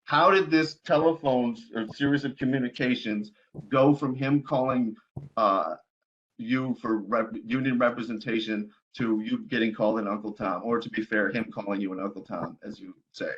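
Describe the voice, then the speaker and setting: A man's voice: medium pitch, steady tone, moderate pace, a bit bright. Man questioning a witness on dull audio. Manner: careful, hedging, restates and rephrases. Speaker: attorney cross-examining a witness. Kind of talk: legal questioning.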